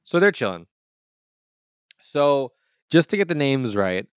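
A young man telling an animated story in casual chat, acting out the voices he overheard. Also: medium pitch, slow pace, clean tone, no echo, studio quality. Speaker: podcast co-host.

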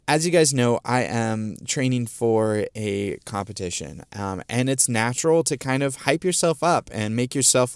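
A man's voice: mid-range voice, animated, moderate pace, creaky, few pauses, smooth, no room sound, studio quality. A middle-aged man hosting a casual solo podcast, rambling with many ums and restarts, fighting hiccups and a scratchy throat. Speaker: podcast host.

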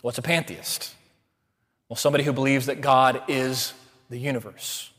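A man preaching a sermon as pastor, reading scripture in a measured way with emphatic rises, then telling a story. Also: mid-range voice, flat delivery, a bit bright, in a large hall. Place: church sanctuary.

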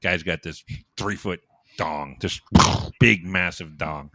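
A man trading crude jokes in a casual chat, with loud bursts of laughter and voices for the characters in his jokes. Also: sits low, slow pace, dry recording, clean studio sound.

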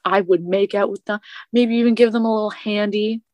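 A woman's voice: mid-range voice, fairly even intonation, fairly quick, darkish tone, dry recording. A woman in her twenties co-hosting a podcast, chatting in a casual way, blunt, crude and joking. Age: 20s. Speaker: podcast co-host. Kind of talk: casual chat.

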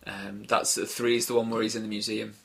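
A man with a fairly low voice co-hosting a casual podcast. He jokes quickly and often stops to restart his sentences. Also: little pitch movement, creaky. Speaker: podcast co-host. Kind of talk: casual chat.

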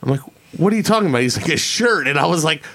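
A man's voice: fairly high pitch, animated, rapid-fire, fairly bright tone. A man co-hosting a podcast in a studio, telling a profane story and acting out the quotes in it. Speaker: podcast co-host. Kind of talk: casual chat.

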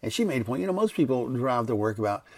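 Husky-voiced older man, rambling devotional podcast. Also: mid-range voice, sing-song, fast, darkish tone. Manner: rambling, self-correcting, conversational. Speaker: pastor and podcast host. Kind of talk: unscripted devotional podcast talk. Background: background noise.

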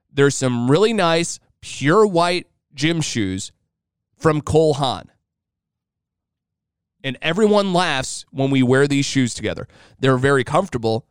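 A man in his thirties hosting a podcast alone, telling a story in an animated, chatty, jokey way. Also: on the high side, smooth, no echo, clean studio sound. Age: 30s. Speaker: podcast host. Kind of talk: casual solo storytelling.

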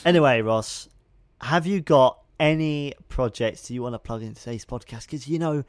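A man's voice: medium pitch, normal speed, no echo, studio quality. A man hosting a podcast, chatting casually and full of eager praise for his guest. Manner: enthusiastic, repeats praise. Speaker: podcast host.

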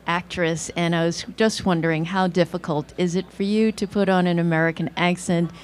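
A woman from the audience introduces herself and asks a panel a question. She speaks politely and carefully, and her voice sits a little lower than most women's. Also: a little mellow, slight background noise. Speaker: audience member asking a question.

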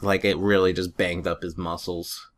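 A man's voice: deep voice, flat delivery, normal speed. A man in a casual chat, telling rambling stories and chuckling often.

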